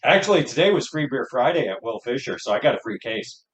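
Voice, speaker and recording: A man's voice: mid-range voice, big pitch swings, quick pace, breathy edge. A man co-hosting a casual podcast, joking and bantering. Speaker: podcast co-host. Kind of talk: casual chat. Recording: dull lo-fi sound.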